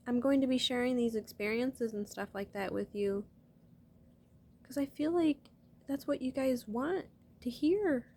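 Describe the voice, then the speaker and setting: A woman's voice: high-pitched, unhurried, a little mellow. A young woman vlogger talking to her viewers in a heartfelt, earnest way, rambling and restarting her sentences. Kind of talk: emotional personal talk to camera.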